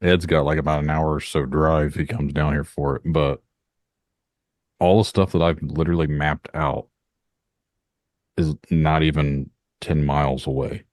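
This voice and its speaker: A man's voice: extremely low pitch, steady tone, unhurried, pauses often, darkish tone, no echo, studio quality. A man from Northern Indiana, hosting a podcast in a rambling, talkative way. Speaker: podcast host. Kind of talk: casual podcast chat.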